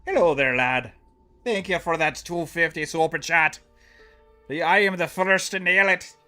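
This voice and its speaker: A man's voice: on the high side, unhurried, sharp tone, soft background music. A man doing a jolly Irish pub man with a put-on Irish accent, hearty and sing-song. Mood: cheery.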